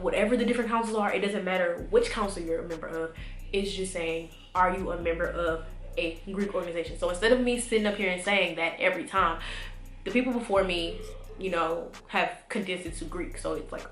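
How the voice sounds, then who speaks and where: A woman's voice: fairly low pitch, a bit bright. A young woman vlogging to camera in a casual, rambling way with lots of fillers, a little congested. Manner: chatty, rambling, many fillers. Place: home room. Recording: echoey room.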